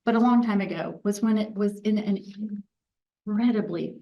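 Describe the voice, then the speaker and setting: A woman's voice: mid-range voice, normal speed, mellow. Candid, chatty woman doctor speaking from a distance. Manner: chatty, candid, self-deprecating with frequent restarts. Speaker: physician presenter. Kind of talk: conference talk with audience Q&A.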